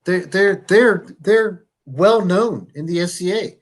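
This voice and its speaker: A man hosting a casual chat show, easygoing and quick to laugh. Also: high-pitched. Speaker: host.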